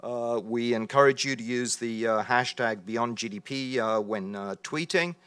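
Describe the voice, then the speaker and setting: A man's voice: mid-range voice, a bit bright, smooth. A man hosting a policy event, introducing speakers with many hesitations and filler sounds. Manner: halting, many filler uhs. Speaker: event host. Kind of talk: introducing a panel.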